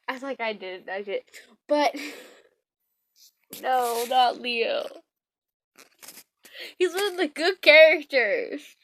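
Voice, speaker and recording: A woman reading fan fiction aloud and reacting emotionally, in halting, gushing speech. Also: high voice, a bit bright, no room sound.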